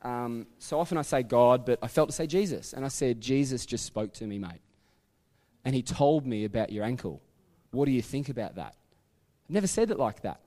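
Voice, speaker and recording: An Australian male pastor preaching in a church, his mid-pitched voice ringing with long reverb from the sanctuary. He tells stories in a chatty, rambling way, breaking off into asides and correcting himself as he goes. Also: dark tone. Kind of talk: sermon.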